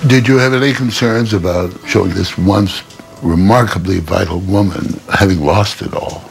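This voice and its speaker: A man narrating a TV news feature and interviewing in a measured, wry way. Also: sits low, gravelly, soft background music. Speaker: TV news correspondent. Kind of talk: scripted broadcast narration and interview.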